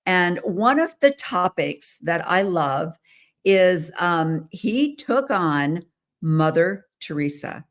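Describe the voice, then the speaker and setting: This American podcast host, a woman from the United States, has a lowish, sing-song voice and speaks slowly. In her casual solo talk she chats and rambles, with plenty of fillers and restarts.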